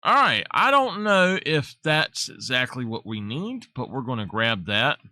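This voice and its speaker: Man, gaming streamer, slow easygoing talk, bright lively voice. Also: mid-range voice, no echo, clean studio sound. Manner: relaxed, rambling storyteller. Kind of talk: casual chat while playing.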